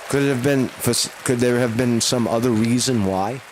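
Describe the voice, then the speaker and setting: A hoarse man talking casually on a live stream, rambling with many fillers and restarts. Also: mid-range voice, moderate pace, a faint crowd, slight background noise. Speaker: vlogger doing a live at-home test.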